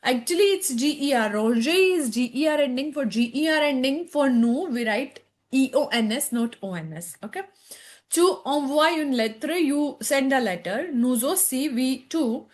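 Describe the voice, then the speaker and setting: A woman's voice: sits high, expressive, normal speed, a little mellow. A woman with an Indian English accent teaching French from a textbook, reading each line aloud and then translating it into English, checking in with "okay?" as she goes. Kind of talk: textbook lesson walkthrough.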